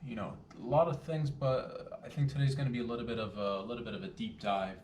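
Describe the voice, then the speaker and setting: A man's voice: mid-range voice, fairly even intonation, fast, darkish tone, distant mic. A man talking to his viewers in a reflective, rambling monologue, repeating his phrases and addressing them directly. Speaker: vlogger. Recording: roomy echo, a bit off-mic, faint background hum.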